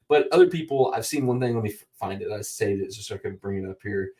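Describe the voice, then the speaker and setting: Rambling low-voiced man. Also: fast, few pauses, mellow. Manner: rambling, many fillers and restarts. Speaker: live-stream host. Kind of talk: casual solo sports talk.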